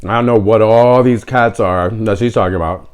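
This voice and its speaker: A man's voice: on the low side, normal speed, slight background noise. Wry man telling a story. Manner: wry, sarcastic, deadpan asides. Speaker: vlogger. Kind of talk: casual storytelling.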